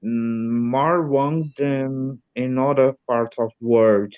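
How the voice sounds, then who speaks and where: A man's voice: medium pitch, fairly even intonation, takes it slowly, clear, resonant tone, phone-quality sound. A man from Brazil with a Brazilian Portuguese accent, a native Portuguese speaker, asking questions in an English lesson and hesitantly searching for words. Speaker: English learner. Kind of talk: student in an online lesson.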